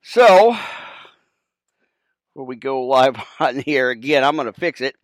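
A man's voice: medium pitch, lively intonation, dry recording, clean studio sound. A man, a pastor hosting his own podcast, chatting casually while he sets up his stream, out of breath and rambling with many fillers. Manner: rambling, chatty, halting with fillers, calls listeners friends. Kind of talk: casual chat while setting up a livestream.

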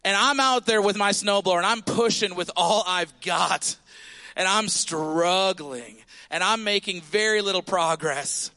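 A high, bright-toned man in his thirties preaches to his congregation. He tells an animated story and keeps calling out to the room for answers and responses. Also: measured pace. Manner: animated storytelling with audience call-outs. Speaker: pastor. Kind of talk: sermon. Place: church sanctuary.

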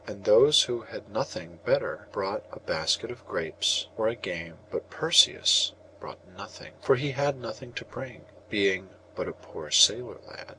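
A man reading an old storybook aloud in a measured, expressive way. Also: deep voice, slight background noise, poor audio. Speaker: audiobook narrator. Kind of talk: storybook narration.

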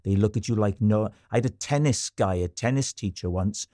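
A man from Wales hosting a podcast, telling stories in an animated, chatty way. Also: lowish voice, fairly quick, dry recording, clean studio sound. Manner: chatty, animated storyteller, trails off and restarts. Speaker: podcast host. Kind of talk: casual chat.

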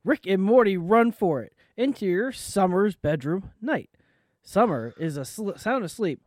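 A woman reading stage directions aloud in a casual, halting script read-through. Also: mid-range voice, expressive, darkish tone, no room sound, clean studio sound. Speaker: script reader.

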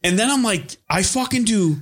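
Give me a foul-mouthed man telling stories in a casual group chat, lively and a little high. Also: moderate pace, slightly rough. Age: adult with young kids. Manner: profane, animated, mimics people in quotes.

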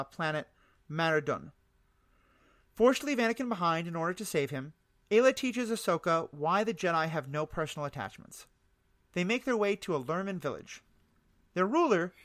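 A man's voice: high-pitched, fairly bright tone, dry recording. A man hosting a casual podcast discussion, talking with frequent ums and restarts as he recaps episodes. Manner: hesitant, many ums, recaps plot. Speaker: podcast host. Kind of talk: casual chat.

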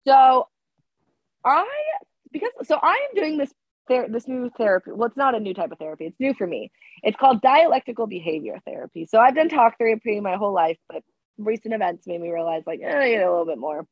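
A woman's voice: a little high, animated, brisk, no echo. A woman co-hosting a podcast in casual chat, talking emphatically and repeating herself for emphasis, her voice sick. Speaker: podcast co-host. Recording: dry, dull lo-fi sound.

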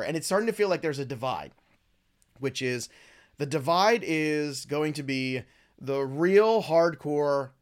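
A man hosting his own talk show, giving opinionated, rambling commentary with lively swings in pitch and loudness. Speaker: podcast host. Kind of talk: casual wrestling commentary.

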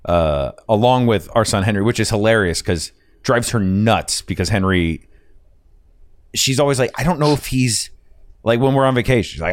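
A man's voice: fairly low pitch, animated, moderate pace. A man hosting a podcast, chatting casually, rambling and swearing and laughing at his own stories. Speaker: podcast host. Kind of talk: casual chat.

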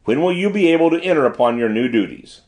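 A man voicing a brisk, fussy middle-aged male manager who talks formally and gushes in an audiobook reading. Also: a little high, lively intonation, a little mellow, voice pushed up, natural voice. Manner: formal, gushing and exacting.

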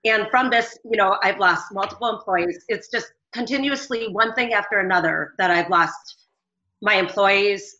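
A woman's voice: medium pitch, normal speed, bright, forceful tone. A middle-aged woman, a business owner calling into a talk show, recounting events in an earnest, rambling way. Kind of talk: phone-in interview. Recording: dull lo-fi audio.

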